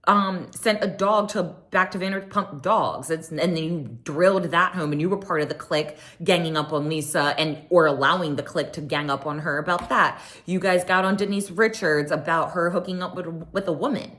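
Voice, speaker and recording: A woman's voice: on the low side, moderate pace, few pauses. Chatty opinionated woman recapping TV. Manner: chatty, opinionated, animated retelling with quoted voices. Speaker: reality TV recap vlogger. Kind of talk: casual recap commentary.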